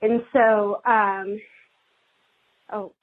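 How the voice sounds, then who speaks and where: A woman calls a podcast hotline and leaves a rambling, nervous voicemail about a personal story, putting herself down as she goes. Her mid-range voice stays level, with drawn-out words, and the phone line sounds tinny.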